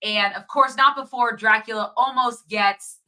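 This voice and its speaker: A woman co-hosting a casual movie review chat, retelling the plot in a lively way and laughing often. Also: a little high, a little slow.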